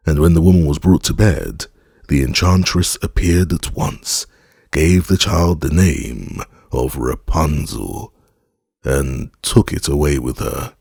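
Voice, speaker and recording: A man narrating a fairy-tale audiobook in a measured storytelling manner. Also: very deep voice, creaky, darkish tone, breathy edge, no room sound, studio quality.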